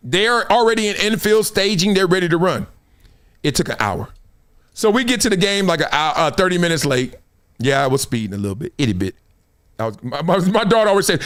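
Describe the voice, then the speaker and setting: A man's voice: sits high, a little fast. A middle-aged man hosting a live sports talk stream, telling stories in a casual way and acting out the lines of the people in them. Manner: animated storytelling, acts out quotes. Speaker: host.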